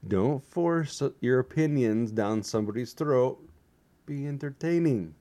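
A man's voice: medium pitch, animated, unhurried, dark tone. A tired man chatting in a meandering, self-deprecating way on his own vlog. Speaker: vlogger. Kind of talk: rambling casual vlog.

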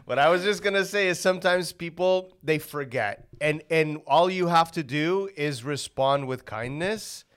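A podcast host chatting casually, calm and agreeable, with mostly brief replies. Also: mid-range voice, moderate pace, hardly any pauses, clean tone. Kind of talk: casual chat.

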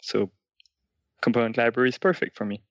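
A man's voice: mid-range voice, flat delivery, dry recording. Man, dry lo-fi mic. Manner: thoughtful, many "um" pauses. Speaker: podcast guest, UI engineer. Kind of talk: casual tech interview. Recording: dull, lo-fi dry remote mic.

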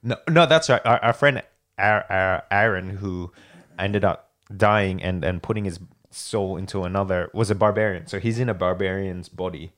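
A man hosting a casual chat, telling stories in an animated way and laughing often. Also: normal speed. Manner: animated storyteller, laughs often, jumps up in pitch when excited. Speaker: podcast host.

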